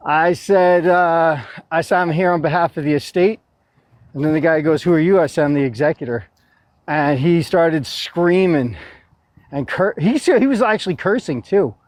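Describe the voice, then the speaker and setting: Animated storytelling man. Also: a little high, moderate pace, dry recording. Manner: animated storyteller, acts out quotes and laughs. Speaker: guest sharing a court story. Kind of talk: casual group chat.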